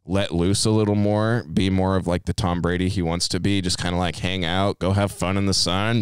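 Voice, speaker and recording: Joking young man, low smooth voice. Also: little pitch movement, brisk, few pauses, dry recording, studio quality. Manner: joking, swears freely, puts on silly voices for others. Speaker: podcast co-host. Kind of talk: casual chat.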